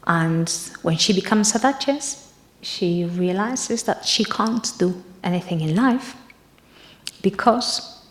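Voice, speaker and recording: Woman giving a halting talk, echoey room. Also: mid-range voice, expressive. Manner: halting, searches for words. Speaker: conference presenter. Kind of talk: academic conference talk.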